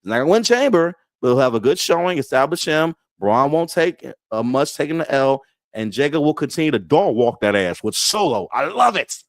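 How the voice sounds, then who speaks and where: A man talking wrestling in a casual, animated and joking way, as co-host of a watch-along. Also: on the high side, brisk, hardly any pauses, no echo.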